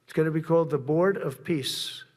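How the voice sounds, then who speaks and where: A man's voice: fairly high pitch, normal speed, a little mellow. An older man giving a rambling, boastful rally speech, repeating himself. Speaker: political speaker.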